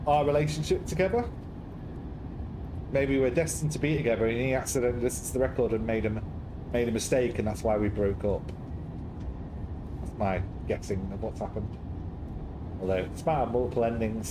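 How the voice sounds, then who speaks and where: A man reading a narrative game aloud in steady first-person narration, with quick wry asides. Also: mid-range voice, background noise. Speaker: game streamer.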